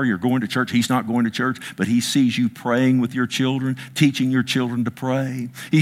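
Here a male pastor in his sixties addresses a congregation, his sermon alternating between loud, high peaks and slow, deep stresses, sprinkled with jokes at his own expense.

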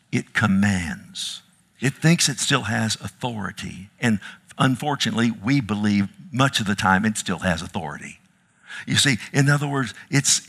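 A man preaches with a bright, forceful tone. He climbs into loud, urgent cries, then sinks to a hushed plea, and he keeps calling his listeners "loved one". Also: gravelly. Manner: impassioned, swings from loud rising cries to low hushed pleading. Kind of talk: sermon.

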